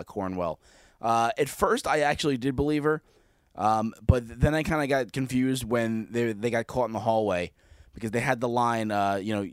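A man's voice: mid-range voice, clear, resonant tone, dry recording, studio quality. A man co-hosting a podcast, talking casually about a TV episode, hesitant with stammering restarts. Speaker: podcast co-host.

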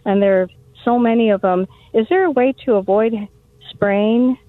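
A woman's voice: fairly high pitch, normal speed, no echo. A woman calling in to a garden radio show, asking questions hesitantly with many fillers. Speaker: caller. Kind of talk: phone-in question. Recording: tinny phone line.

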